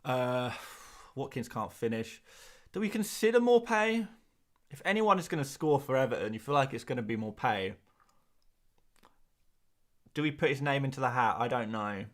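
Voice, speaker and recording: A man's voice: mid-range voice, animated, normal speed, long pauses. A man hosting a casual livestream, jokey and laughing often as he answers chat. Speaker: fantasy football livestream host.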